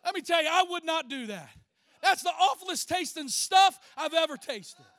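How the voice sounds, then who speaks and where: A pastor preaches in a folksy, animated way, teasing the congregation with everyday stories before turning serious. His voice sits unusually high for a man and rings bright and forceful. The sound is close and dry, with no room echo. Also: normal speed. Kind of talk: sermon.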